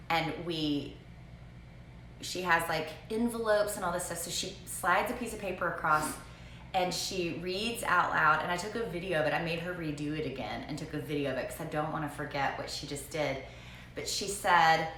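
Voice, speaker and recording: Bright Southern woman in a roomy space. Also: on the low side. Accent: Southern American. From Southern Alabama. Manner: animated storytelling, quick asides. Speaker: morning show co-host. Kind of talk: casual chat. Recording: roomy echo, faint noise.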